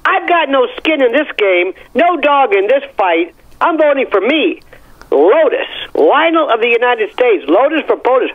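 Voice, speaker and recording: A man's voice: very high voice, sing-song, moderate pace, dry recording, phone-quality sound. A man giving wry, emphatic media commentary, telling stories with theatrical flair. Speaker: legal and media analyst. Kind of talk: opinionated commentary, animated storytelling.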